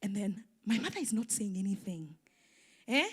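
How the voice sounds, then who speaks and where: A young adult woman with a Kenyan accent, a pastor preaching and telling a personal story, swinging from loud to hushed. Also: medium pitch, very animated, moderate pace, husky. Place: church hall.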